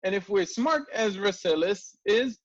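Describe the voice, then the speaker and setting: A man teaching an online language class, lively and full of rhetorical questions. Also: high-pitched, measured pace, no echo, highs cut off. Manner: lively, asks rhetorical questions, frequent restarts. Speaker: language lecturer.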